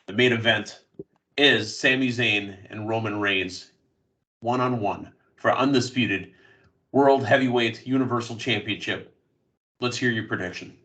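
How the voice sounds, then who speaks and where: Bright-voiced man hosting a wrestling podcast. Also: on the low side, far from the mic. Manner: recaps matches in quick play-by-play bursts. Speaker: podcast host. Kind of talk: casual wrestling news chat.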